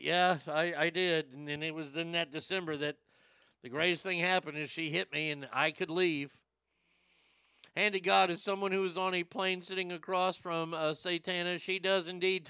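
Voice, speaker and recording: A man telling profane, rambling personal stories to a live chat, animated and quick to joke. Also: a little high, clean tone, no echo, studio quality. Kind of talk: storytelling stream chat.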